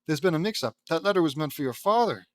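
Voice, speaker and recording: A man's voice: on the high side, animated, fast talker, dry recording, natural voice. A man voicing a swooning, romantic middle-aged mother in a fan-fiction audiobook, reading her lines in a gushing, fond manner.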